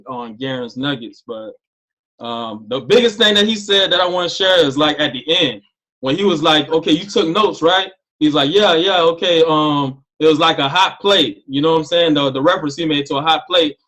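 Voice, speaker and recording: A man reflects on a weekend event in a loose, conversational way, with a voice a bit higher than most men's. He leans on fillers as he thinks aloud. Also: a little fast, a bit bright, low-quality recording. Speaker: team member sharing on a call. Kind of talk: casual testimonial share.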